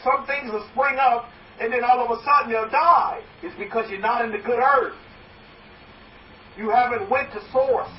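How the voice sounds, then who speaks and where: A man's voice: extremely high pitch, a little hiss or hum. A man preaching a sermon as a rabbi, exhorting his listeners and rambling with restarts, often acting out what doubters say. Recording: echoey, distant, muffled room recording.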